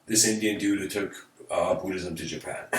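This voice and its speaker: A man's voice: on the low side, big pitch swings, slow pace, distant mic. A man giving a casual, live-streamed spiritual talk, searching for words and laughing between thoughts. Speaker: spiritual speaker. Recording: roomy sound from away from the mic.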